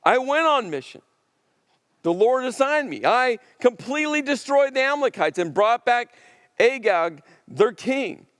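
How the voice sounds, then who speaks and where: A man's voice: extremely high pitch, sing-song, measured pace, fairly bright tone, no room sound, studio quality, voice pushed up, full character voice. A man preaching, voicing a defensive ancient king who makes excuses and blames others. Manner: protesting, making excuses.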